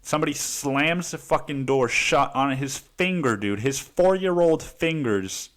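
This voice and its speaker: A man's voice: fairly high pitch, unhurried, a bit bright. A man hosting a podcast, telling a story in a casual, heated monologue full of swearing and "dude.". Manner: profane, heated, says "dude" often. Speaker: podcast host.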